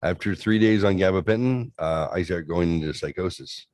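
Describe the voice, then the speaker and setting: A man with a deep, low voice tells stories bluntly, swearing freely and slipping into the voices of people he quotes. The sound is dry and close, with no room around it. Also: normal speed, a little mellow, no room sound. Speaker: co-host. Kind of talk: casual podcast chat.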